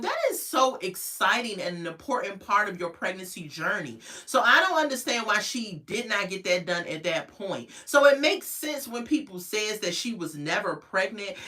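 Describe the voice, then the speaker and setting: Bright-voiced woman gossiping to viewers. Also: medium pitch, distant mic. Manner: chatty, addresses viewers directly. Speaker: reality TV reviewer. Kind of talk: casual gossipy recap.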